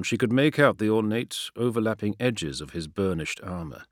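A male audiobook narrator with a fairly low voice, reading a dramatic story with lively swings in pitch. His delivery is expressive and shaped for suspense. The recording is close and dry. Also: no echo. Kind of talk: scripted narration.

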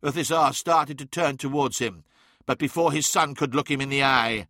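A man narrates a dark fantasy audiobook with dramatic intensity in scripted narration, his voice swelling at moments of fire and dropping to a hush on sorrow. His medium-pitched tone is bright and forceful at a normal speed, recorded close and dry with no room sound.

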